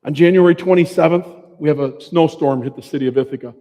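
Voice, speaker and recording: Man, 50s, personal testimony speech, earnest conversational storytelling, slightly high voice, long hall echo. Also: fast talker, mellow, dull audio. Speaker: bereaved father giving a talk. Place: large presentation hall.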